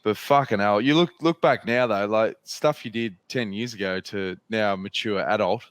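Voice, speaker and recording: A man's voice: fairly low pitch, normal speed, no echo. Australian man telling rambling yarns. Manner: swears freely, rambling anecdotes. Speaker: podcast host. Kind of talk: casual storytelling chat.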